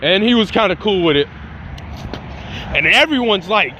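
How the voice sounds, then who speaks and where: Brief: young-sounding man spinning a fan story off the cuff, slangy and profane, high bright voice. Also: expressive, normal speed, a little hiss or hum, rough recording. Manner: rambling, slangy, profane, full of restarts. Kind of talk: casual improvised fan-fiction retelling.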